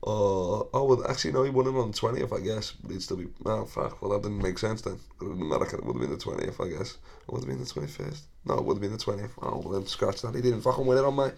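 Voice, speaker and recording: Talking fast with lively intonation, a thirty-year-old podcaster spins rambling, profanity-laced stories, frequently laughing and correcting himself as he goes. His voice is fairly low, gravelly and darkish in tone.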